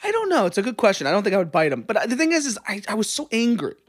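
This man co-hosts a casual podcast and tells stories with animated energy and plenty of swearing. His pitch jumps around a lot. The recording is dry, with no room sound. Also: very fast, dry recording. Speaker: podcast co-host.

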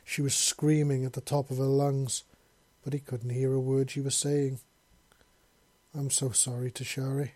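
A man reading a dramatic story aloud as narrator, in a steady, low-key way. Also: moderate pace, no echo. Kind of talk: audiobook reading of a fan story.

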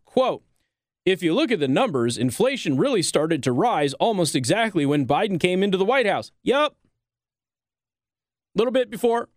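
A man's voice: high voice, no echo, studio quality. A man hosting a political talk show, delivering opinionated commentary and mocking others in quoted voices.

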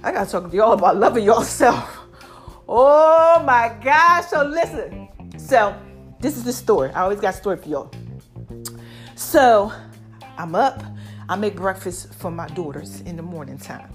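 A middle-aged woman in a casual motivational vlog, chatty and animated, repeating catchphrases, her voice a little deepened by allergies. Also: moderate pace, pauses often, faint music behind. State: voice a bit deep from allergies. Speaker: online personality talking to followers.

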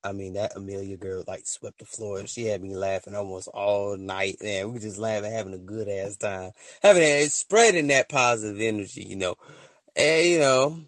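A man hosting a casual solo podcast, rambling and excitable, full of slang and often laughing at his own stories. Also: lowish voice, normal speed, dry recording. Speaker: podcast host.

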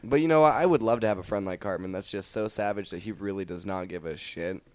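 A young man co-hosting a podcast, telling rowdy party and fight stories in a casual, profane, animated way. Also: lowish voice, fast talker, dry recording. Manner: profane, animated storytelling with acted quotes. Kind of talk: casual storytelling chat.

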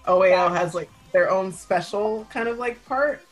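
A woman chatting casually on a fan podcast, loud and excitable, swearing freely as she tells stories. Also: medium pitch, moderate pace, faint music behind, rough recording. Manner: loud, profane, excitable storyteller. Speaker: podcast co-host.

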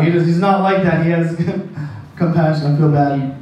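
A pastor's mellow voice, on the high side, keeps fairly even intonation at normal speed as he preaches. He tells a personal story in a rambling, folksy style and laughs at his own jokes, recorded from a distance in an echoey hall.

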